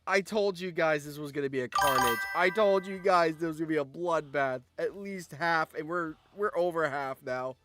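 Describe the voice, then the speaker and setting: A man's voice: a little high, normal speed, hardly any pauses, pushed and bright, faint music behind. A man streaming and commenting on a game, reading out results, laughing often and swearing.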